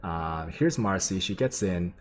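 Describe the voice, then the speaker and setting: Male streamer with a very low voice, casual and sweary, rambling through a story to chat. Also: measured pace, a little hiss or hum. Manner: rambling, profane, lots of "like" and "um"; sketches while he talks, addressing chat. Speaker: game streamer.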